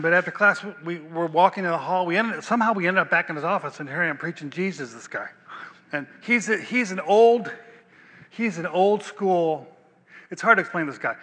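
An older male pastor preaches in a loose, conversational way, often repeating himself and asking his listeners "right?". His voice sits high and sounds bright and forceful. It carries through a long, ringing hall reverb. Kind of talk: sermon.

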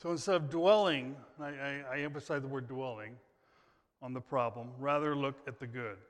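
American pastor preaching in a reverberant church. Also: male voice, medium pitch, normal speed. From United States. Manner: emphatic preaching with repetition and sudden loud rises. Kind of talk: sermon. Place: church sanctuary. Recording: long hall reverb.

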